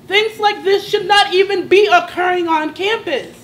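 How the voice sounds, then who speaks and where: A young college woman speaks at a student sit-in, telling her own story with passion and rising indignation. Her voice sits high, and it builds from quiet, hurt moments into heated outbursts. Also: takes it slowly, long pauses, a little hiss or hum, rough recording. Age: young adult. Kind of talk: personal testimony at a student sit-in.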